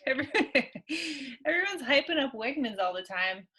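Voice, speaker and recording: A woman co-hosting a casual podcast chat, with dry, amused, deadpan delivery. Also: high voice, normal speed, slightly rough. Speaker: podcast co-host.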